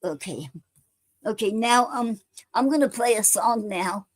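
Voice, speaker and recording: A woman hosting a poetry livestream, reading her own poems slowly with many fillers and restarts. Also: a little high, dry recording.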